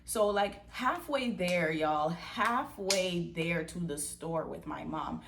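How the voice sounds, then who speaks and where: Animated young woman telling a story. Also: fairly low pitch, slow pace, vocal fry, slight background noise. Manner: animated storytelling with acted-out quotes, says "y'all". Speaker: vlogger. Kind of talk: storytime vlog.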